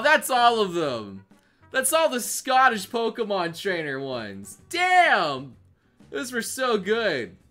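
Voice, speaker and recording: A man streaming live, chatting casually with his viewers in a laid-back way that often trails off quietly. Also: sits high.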